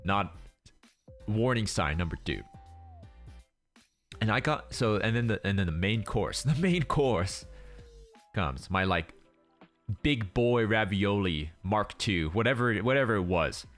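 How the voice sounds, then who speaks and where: A man's voice: lowish voice, expressive, unhurried, long pauses, a bit bright. A young man streamer chatting casually, telling a rambling story full of restarts and acted-out quotes. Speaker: streamer host. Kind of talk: casual chat. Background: faint background music.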